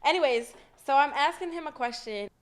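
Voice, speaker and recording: A woman hosting her own podcast, telling stories in a casual, slangy, animated way and laughing often. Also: sits high, brisk. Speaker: podcast host. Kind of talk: casual storytelling chat.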